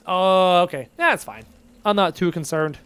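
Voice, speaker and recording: A man's voice: high-pitched, unhurried, fairly bright tone, smooth. A young man live-streaming a game, casually reading chat messages aloud and answering them playfully. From Irish descent.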